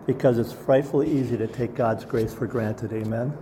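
A man's voice: medium pitch, fairly even intonation, normal speed, few pauses, warm tone, slight background noise. A man preaching a sermon as pastor, earnest and asking the congregation rhetorical questions.

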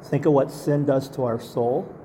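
A man's voice: mid-range voice, fairly even intonation, normal speed, warm tone, a little hiss or hum. A man preaching a sermon as pastor, earnest and asking the congregation rhetorical questions.

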